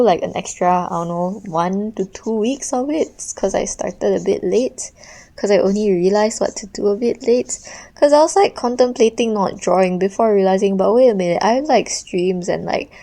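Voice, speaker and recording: Young female art streamer, casual rambling chat, low mellow voice with some fry. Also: rough recording. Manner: chatty, rambling, slangy. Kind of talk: casual chat while drawing.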